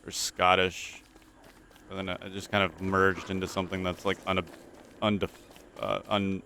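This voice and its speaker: Goofy low-voiced young man narrating gameplay. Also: steady tone, unhurried, pauses often, pushed and bright, clear, resonant tone. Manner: goofy, rambling, talks to his viewers. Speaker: gaming channel host. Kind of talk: let's-play commentary.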